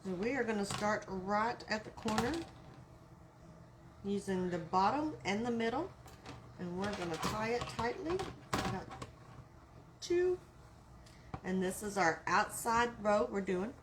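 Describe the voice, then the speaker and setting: A woman's voice: medium pitch, animated, a little slow, long pauses, noisy background. A woman with a Texan accent hosting a live craft tutorial, chatting and greeting viewers by name as she works. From Texas. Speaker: craft live-stream host.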